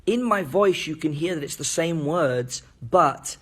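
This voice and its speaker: Man, slightly higher pitch, English teacher giving a training talk, crisp enunciation. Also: animated, unhurried, fairly bright tone. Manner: clear, enunciating demonstrations with hand signals. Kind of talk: teacher training lesson at a board.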